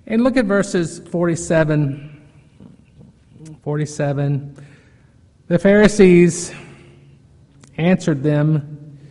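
A man preaching a sermon to his church, earnest, moving from loud emphasis to soft pleading. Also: on the high side, slow, long pauses, big-room sound. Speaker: pastor.

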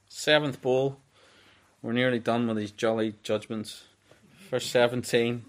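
A man teaching through a book of the Bible in a loose, conversational way. He reads scripture aloud with a slightly low voice and carries on with easy restarts. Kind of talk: conversational sermon.

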